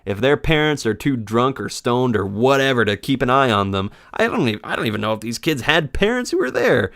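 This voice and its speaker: A man's voice: mid-range voice, sing-song, a little fast, creaky, fairly bright tone, dry recording, studio quality. A man in his twenties, a game commentator telling a casual story in a sarcastic, profane way. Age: 20s.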